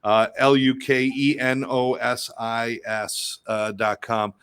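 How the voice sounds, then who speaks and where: A man's voice: mid-range voice, flat delivery, takes it slowly, a bit bright, clear, resonant tone. Chatty male podcast co-host. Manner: chatty, filler-heavy. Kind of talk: show introduction.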